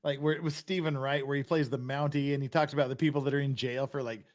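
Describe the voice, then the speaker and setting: A man's voice: medium pitch, steady tone, fast talker. A tipsy man hosting a casual chat, telling crude jokes and laughing often. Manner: crude, laughing joke-teller. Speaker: livestream host.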